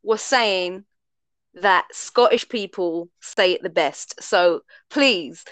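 A woman's voice: medium pitch, slow, a bit bright, clear, resonant tone, dry recording. A young woman co-hosting a podcast, chatting casually and playfully, swearing a lot. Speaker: podcast co-host. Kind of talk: casual chat.

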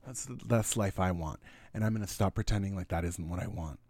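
A man co-hosting a podcast in casual chat, animated and profane, sometimes jumping up into mock voices. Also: low-pitched, fairly quick, gravelly, no room sound, clean studio sound.

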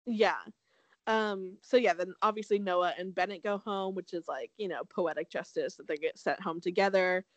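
A young woman from Southern California co-hosting a podcast, recapping a show in quick, animated casual chat and swearing freely. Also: lowish voice, dry recording. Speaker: podcast co-host.

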